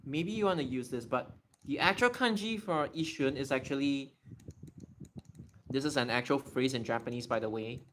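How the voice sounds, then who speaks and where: A livestreamer in a casual Q&A, excitable and thinking out loud while typing. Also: mid-range voice, moderate pace, slight background noise.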